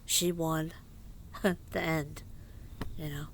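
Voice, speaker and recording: A man vlogging outdoors in a casual, rambling way, halting and hesitant, rueful and confiding, sometimes dropping to a hushed near-whisper. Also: fairly high pitch, flat delivery, creaky, a little hiss or hum. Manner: halting and hesitant, with repeated fillers and restarts. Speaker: vlogger and musician.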